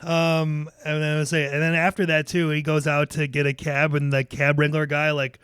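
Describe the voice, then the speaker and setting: Rambling podcast host, smooth clear voice. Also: male voice, fairly high pitch, completely flat delivery, moderate pace, a bit bright, dry recording, studio quality. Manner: rambling with many "like" fillers. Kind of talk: casual movie review chat.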